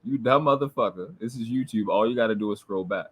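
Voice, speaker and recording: A commentary channel host reacts to a replayed livestream clip, combative, mocking and profane. His voice is lowish and slightly rough, and he talks at a quick pace.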